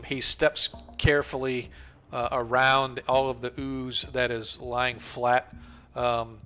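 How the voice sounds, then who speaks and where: A man's voice: mid-range voice, pushed and bright. A man narrating a tabletop game as game master, loose and hesitant with many fillers.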